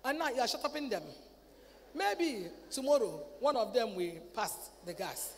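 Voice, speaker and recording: A woman preaching a sermon at a convention. She talks in a lively way, acts out family dialogue and repeats words. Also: on the high side, moderate pace. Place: large convention hall. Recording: reverberant hall, faint ambient noise.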